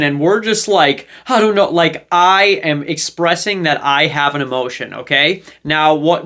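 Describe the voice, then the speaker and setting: A man's voice: on the high side, fairly bright tone. Man who keeps asking 'okay?' as he teaches. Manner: ends many points with a checking 'okay?'; conversational, with many fillers and restarts. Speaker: relationship advice video host. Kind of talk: casual teaching monologue.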